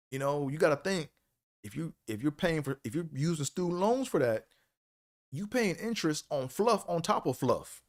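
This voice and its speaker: A man hosting a live stream, telling college stories in a laid-back way, full of "man" and "you know". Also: mid-range voice. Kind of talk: casual storytelling.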